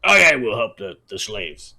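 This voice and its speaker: A man playing a tabletop game, decisive and planning out loud. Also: fairly low pitch, very animated, moderate pace, creaky. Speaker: player. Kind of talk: casual tabletop game chat.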